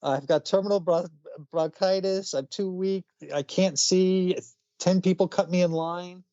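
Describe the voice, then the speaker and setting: A man voicing a sickly little blind boy who pleads in a high, trembling child voice. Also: steady tone, a little slow, warm tone, dry recording. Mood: pitiful, pleading. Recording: dull lo-fi sound.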